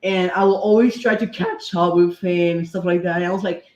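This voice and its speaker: A man's voice: high voice, steady tone, a little fast, hardly any pauses, a little mellow, dull audio. A young man hosting a stream, chatting casually and hesitantly with lots of fillers. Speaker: stream host. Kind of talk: casual chat about cartoons and games. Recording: echoey room.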